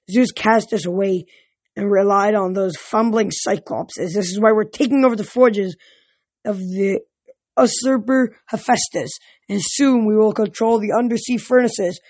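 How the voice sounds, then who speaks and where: A reader voicing a tall, stern sea-dog monster lecturing a class, in a husky, dry voice. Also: mid-range voice, unhurried, darkish tone, no echo.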